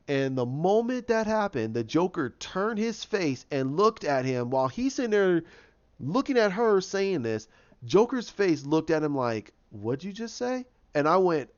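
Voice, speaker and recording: A man's voice: a little high, darkish tone. Rambling man on a dull lo-fi recording. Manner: rambling, with frequent restarts and acted quotes. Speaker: video host giving opinions. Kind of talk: casual opinion commentary.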